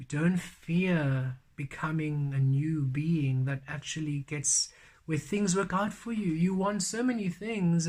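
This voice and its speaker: Man, tarot reading, stern spiritual advice, higher voice, monotone. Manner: earnest, stern spiritual advice, repeats phrases. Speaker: tarot reader.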